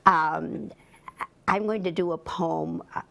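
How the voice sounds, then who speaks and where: A woman's voice: lowish voice, fairly even intonation, takes it slowly, vocal fry, bright, forceful tone. A woman leading a poetry class, chatting in an interview with a gushing, enthusiastic manner. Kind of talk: interview chat.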